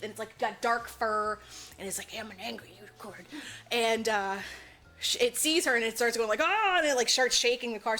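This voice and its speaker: Animated woman recapping a movie. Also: a little high. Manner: animated, profane, acts out quotes. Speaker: podcast co-host.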